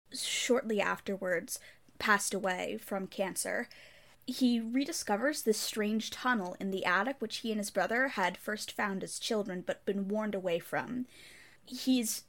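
A woman co-hosting a book-club podcast in casual chat, walking through a story summary and firmly explaining her view. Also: mid-range voice. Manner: summarizes at length, then pushes back firmly in debate. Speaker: podcast co-host.

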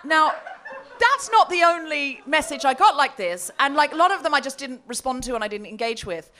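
A woman's voice: high-pitched, expressive, a little fast, sharp tone. A woman co-hosting a live comedy podcast, telling a story with laughter and quoting messages in put-on voices. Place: live comedy festival show.

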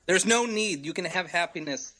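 A high-pitched, animated American man in his thirties talks at normal speed, with a crowd audible behind him. He's a regular correspondent on a comedy podcast, rambling through a theory in casual chat and laughing often.

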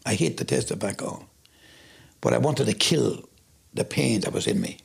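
Gravelly, husky Irish man. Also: lowish voice, normal speed. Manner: storytelling, animated when quoting himself. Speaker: interviewee. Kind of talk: personal testimony.

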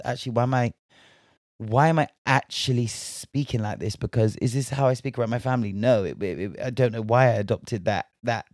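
A man's voice: medium pitch, no room sound, studio quality. A young man giving frank, casual opinion commentary, often sighing and restarting his sentences. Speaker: commentary vlogger.

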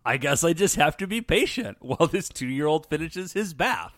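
A lively American man co-hosting a casual podcast, his pitch swinging up and down as he tells stories and laughs along. His voice sits a bit high for a man. The sound is close and dry, with no room behind it. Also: moderate pace, no room sound. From United States. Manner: animated storytelling, laughs often. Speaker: podcast co-host. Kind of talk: casual chat.

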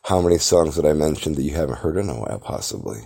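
Deep gravelly boastful man. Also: animated, quick pace, a little mellow. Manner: boastful, theatrical, lectures the listener. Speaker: podcast host. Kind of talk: grandiose self-promoting monologue.

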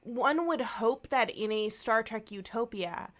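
A woman's voice: a little high, lively intonation, unhurried. A woman co-hosting a podcast, chatting casually as she retells an episode scene by scene. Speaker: podcast co-host. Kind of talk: casual chat recapping a TV episode.

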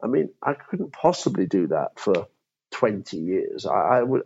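A man's voice: mid-range voice, very animated, normal speed, creaky, darkish tone, husky, lo-fi sound. A man in his fifties, a former law firm chief, thinking aloud in an interview with frequent restarts. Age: 50s. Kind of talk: interview conversation.

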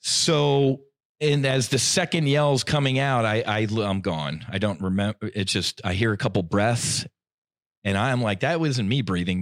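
A middle-aged man with a low voice tells a personal story on a podcast, all slang and "I'm like" asides. His delivery is animated and swings between loud bursts and near-whispers. The recording is dry and close. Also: no echo. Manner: slangy, says "dude" and "I'm like". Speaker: podcast guest. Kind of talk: casual storytelling.

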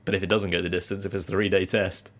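A man co-hosting a podcast in casual chat, chatty and quick to laugh, often slipping into silly put-on accents. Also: sits low, little pitch movement, fairly bright tone. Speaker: podcast co-host.

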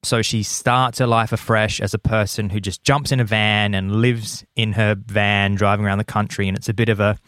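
A man's voice: fairly low pitch, flat delivery, normal speed, few pauses, a bit bright, clear, resonant tone, dry recording, clean studio sound. A man hosting a podcast in casual chat, enthusiastic and playful, often repeating lines for effect. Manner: enthusiastic, repetitive listing, playful. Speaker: podcast host.

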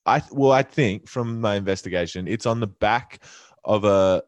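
A man's voice: fairly low pitch, normal speed, dull audio. A man co-hosting a podcast in casual comedic chat, laughing often and playing with his inflections. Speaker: podcast co-host.

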